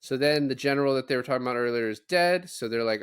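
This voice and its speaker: A man's voice: mid-range voice, racing, few pauses, clear, resonant tone, no room sound. Dry-voiced man recapping a movie casually. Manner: recaps plot loosely, jokes and mock-quotes characters. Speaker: podcast co-host. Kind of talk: casual movie review chat.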